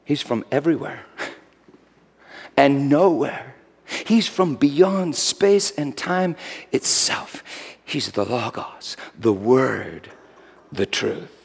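Casting: man playing a guilt-stricken Roman governor, high voice that leaps wildly, shouts then whispers, in an echoing church hall. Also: big pitch swings, measured pace, heavily acted. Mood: haunted. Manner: swings between shouted outbursts and hushed whispers. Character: Pontius Pilate, guilt-haunted Roman governor, middle-aged man. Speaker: preacher performing a character monologue. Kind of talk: dramatic first-person monologue.

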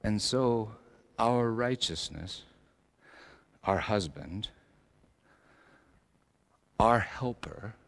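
A man's voice: very slow, creaky, long pauses. Dynamic male pastor preaching. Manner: dynamic, swings from loud emphasis to soft low asides. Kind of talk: sermon.

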